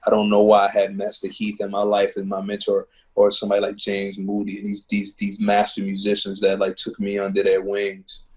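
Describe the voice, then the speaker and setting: Fairly low and a little mellow, his voice stays monotone as he talks a little fast with hardly any pauses. The Baltimore musician and teacher recounts earnest, heartfelt stories in a living-room interview, frequently saying "man" and "you know," captured on a rough recording.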